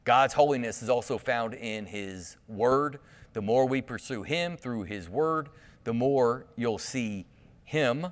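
A man's voice: medium pitch, slow. Pastor guy preaching at church, talks it through with questions, voice rings out in a big hall. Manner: conversational preaching with rhetorical questions and restarts. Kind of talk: sermon.

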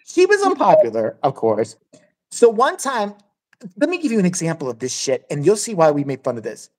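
A woman's voice: sits low, wildly swooping pitch, brisk, darkish tone. A woman hosting a podcast, telling a crude, blunt story in casual chat and swearing freely. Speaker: podcast host.

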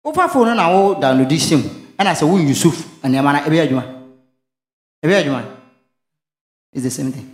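A man's voice: on the high side, animated, a little fast, pauses often, roomy sound, soft background music. A man, preaching a sermon and asking questions for the congregation to finish, mixing in local phrases. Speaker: pastor. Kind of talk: call-and-response sermon.

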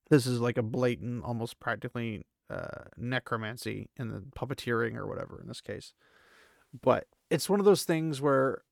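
A man's voice: mid-range voice, creaky, no echo, clean studio sound. A man hosting a podcast, reading a fantasy novel aloud and chatting about it in an earnest, self-deprecating way. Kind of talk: book reading with casual commentary.

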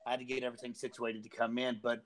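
A man's voice: mid-range voice, completely flat delivery, rapid-fire, slight background noise. A man in casual podcast chat, laid-back and joking, who keeps repeating his phrases.

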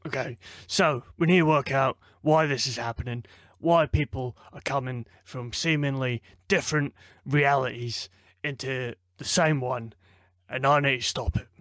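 A man, playing in a tabletop game, joking and laughing quickly. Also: medium pitch, steady tone, a bit bright. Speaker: player. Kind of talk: tabletop role-play chat.

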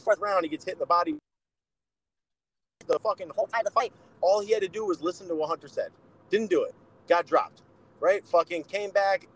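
Young male podcast co-host, slightly high pitch, blunt and profane storyteller. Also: poor audio. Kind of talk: casual podcast chat.

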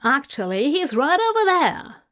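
A woman reading a story aloud and voicing a bright, polite young woman. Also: a little high, very animated, normal speed. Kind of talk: fanfic audiobook reading.

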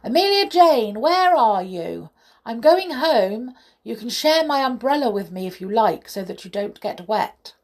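A woman's voice: medium pitch, animated, moderate pace, few pauses, pitched above the performer's own voice, close to an everyday voice. A woman voicing a fussy, pompous male toy bear who gets cross and indignant. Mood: friendly.

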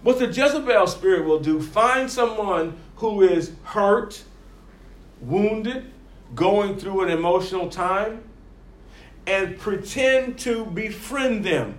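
A man's voice: high voice, takes it slowly, echoey room. A man preaching a sermon, rising and falling emphatically and acting out the voices he quotes.

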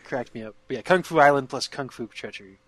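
A man's voice: medium pitch, quick pace, a bit bright, no room sound. A man co-hosting a podcast, rambling casually with lots of fillers and chuckles. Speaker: podcast co-host. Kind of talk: casual chat.

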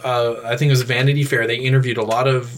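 A man's voice: medium pitch, level tone, quick pace, slight background noise. Rambling West Texas podcast guy. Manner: rambling, restarts, swears when exasperated. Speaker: podcast co-host. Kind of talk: casual chat.

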